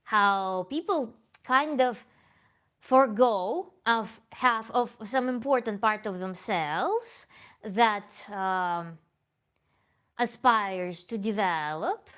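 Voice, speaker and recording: A woman's voice: medium pitch, drawn-out words, fairly bright tone. A woman tantra coach hosting a livestream Q&A, reading chat comments aloud in a thoughtful, self-correcting way with small laughs.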